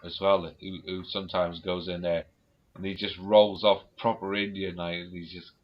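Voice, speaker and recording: A man's voice: deep voice, level tone, moderate pace. A man chatting casually, telling rambling stories, swearing freely and laughing often. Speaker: podcast co-host. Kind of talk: casual chat. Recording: dull lo-fi recording.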